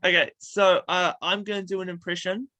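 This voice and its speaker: A man's voice: sits high, fairly even intonation, fairly quick, bright, forceful tone. A man hosting a casual interview, giggly and hesitant, with lots of fillers. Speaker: interview host.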